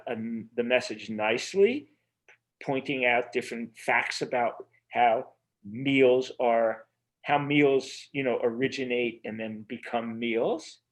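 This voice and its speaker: Earnest rambling man, mid-pitched. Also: slow pace. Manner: earnest, rambling with fillers and restarts. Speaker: interview guest, author. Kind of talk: casual interview conversation. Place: remote video interview.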